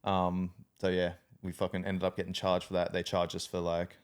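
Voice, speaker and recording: A man's voice: low voice, completely flat delivery, normal speed, smooth. An Australian man and army veteran telling a story in casual podcast chat, profane and laughing often.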